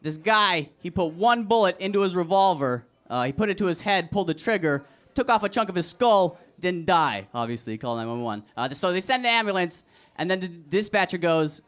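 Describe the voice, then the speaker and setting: Man, young adult, stand-up comic, deadpan and crude, self-deprecating, high voice, comedy club open mic. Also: fairly quick. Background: audience laughter.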